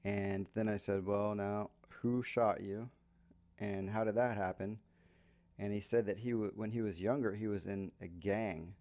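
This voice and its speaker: A man's voice: on the low side, steady tone, measured pace, a little mellow, dull audio. An American man hosting an English-learning podcast, telling a casual story and stopping to explain slang for learners.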